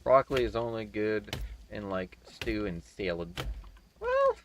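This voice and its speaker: A man's voice: fairly low pitch, huge pitch swings, a little slow, slight background noise. A man streaming a game, chatting in a laid-back, offhand way and swearing casually. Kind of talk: casual chat while gaming.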